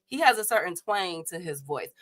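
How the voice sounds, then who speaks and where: A woman from Chicago hosting a casual boxing livestream, chatty and quick to laugh, greeting viewers in the chat. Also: on the low side, animated, a crowd in the background. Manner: chatty, laughs often, many fillers.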